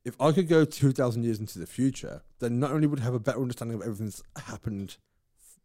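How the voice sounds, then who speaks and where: A man's voice: mid-range voice, very fast, dark tone. Man, podcast co-host, casual chat, rambling, swears a lot.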